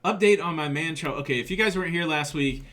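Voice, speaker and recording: A man's voice: on the high side, quick pace, a bit bright. A man co-hosting a casual live stream, joking with his wife and reading out viewer comments, with a slight chest cough. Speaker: livestream co-host.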